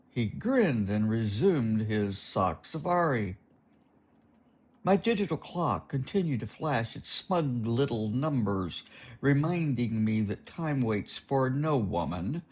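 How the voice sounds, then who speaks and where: A man narrating a first-person novel as an audiobook, in a slow, wry and expressive reading. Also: medium pitch, breathy edge.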